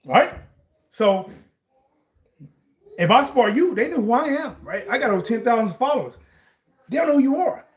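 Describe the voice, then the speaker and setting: A man with a high voice holds forth on sports in loose, rambling chat. He circles back over his points and then raises his voice sharply to hammer them home. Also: normal speed, pauses often, crowd noise. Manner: rambling, animated, bursts into shouts on points. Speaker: sports commentary vlogger. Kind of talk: casual chat.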